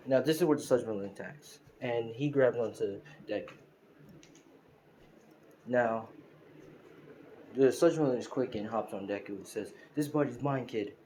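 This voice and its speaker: Man, fan story narration, rambling, filler-heavy, mid pitch, mellow tone. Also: a little slow, pauses often, a little hiss or hum.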